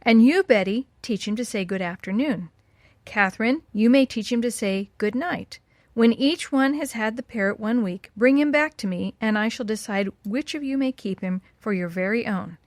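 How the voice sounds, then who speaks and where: A woman voicing a kindly, sly little old woman in a storybook tale, speaking in a gentle, coaxing way. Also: fairly high pitch, normal speed, dry recording, lightly acted.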